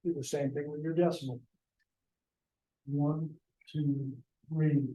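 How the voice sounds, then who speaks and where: A man's voice: on the high side, flat delivery, takes it slowly, dark tone, reverberant, recorded from a distance, lo-fi sound. A man teaching a math lesson to a class, joking and talking to the students directly. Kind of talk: classroom lecture.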